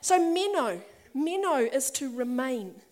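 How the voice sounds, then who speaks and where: Middle-aged female preacher, high voice, warm-chatty storytelling that swells into emphatic appeals. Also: lively intonation, slow pace. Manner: conversational and personal, building to emphatic passages. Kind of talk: sermon. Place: church or meeting hall with a congregation.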